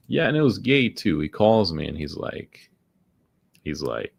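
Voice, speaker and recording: Man, somewhat low voice, blunt and profane, grumbling casual trading commentary. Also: sing-song, measured pace, vocal fry, slightly rough. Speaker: day-trading streamer.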